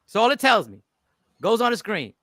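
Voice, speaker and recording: A comedian hosts a casual live stream, greeting viewers in slang and animatedly acting out both sides of a customer argument. His voice sits high at a moderate pace, recorded clean in a studio with no echo.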